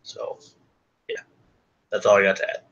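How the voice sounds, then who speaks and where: A man's voice: moderate pace, a bit bright, lo-fi sound. A man on a casual podcast, giving brief, slightly hesitant answers with "um".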